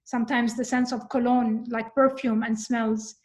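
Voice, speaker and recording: A woman in casual conversation, talking earnestly and thoughtfully, often pausing on fillers. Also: a little high, level tone, a little mellow. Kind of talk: casual conversation about coping with anxiety.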